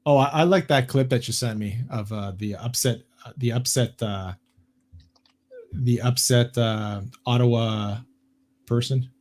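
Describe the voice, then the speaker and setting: A man's voice: mid-range voice, unhurried. A man co-hosting a podcast, chatting casually with frequent fillers and restarts. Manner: relaxed, hesitant with many fillers. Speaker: podcast co-host. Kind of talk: casual chat.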